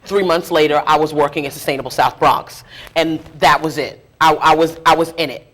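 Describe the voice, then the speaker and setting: A middle-aged woman, an organizer working on food justice, recounts her story at a live interview event in front of an audience, speaking a little fast in a low-pitched voice. She talks candidly, storytelling in a conversational way, with lively asides and self-directed laughter.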